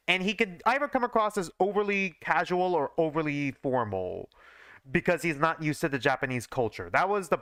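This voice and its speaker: Rambling young man, bright crisp voice. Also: on the high side, no echo. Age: early 20s. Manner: rambling, self-mocking, heavy with fillers. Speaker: streamer reading his old fanfiction. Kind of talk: casual live-stream commentary.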